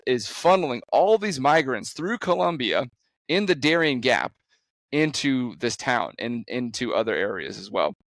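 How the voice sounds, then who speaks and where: A man, a conservation photographer, recounting an adventure with animated storytelling and frequent restarts. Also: no echo. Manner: animated storytelling with sudden rises in pitch.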